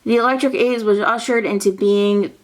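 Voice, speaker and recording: A woman narrating history in a casual way, reading old newspaper text and breaking off into excited asides, playful mock dialogue and soft whispers. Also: mid-range voice, moderate pace.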